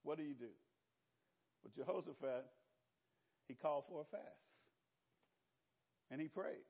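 An older man with a Southern American accent preaching a sermon, telling stories with laughter and big swings between loud and soft. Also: on the high side, measured pace, vocal fry, muffled recording. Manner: storytelling with laughter and sweeping shifts in loudness. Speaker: pastor.

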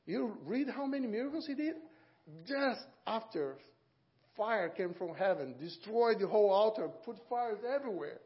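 Preaching as a guest in a church, a man delivers a lively sermon at a moderate pace, leaping up and down in pitch as he voices quoted speakers. It's captured on a dull, lo-fi church recording.

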